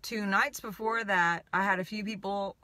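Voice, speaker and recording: A woman's voice: medium pitch, moderate pace, no room sound. A woman telling a personal story in a casual, rambling monologue, full of "I'm like" asides. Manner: rambling, animated retelling with many "I'm like" asides. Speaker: spiritual coach.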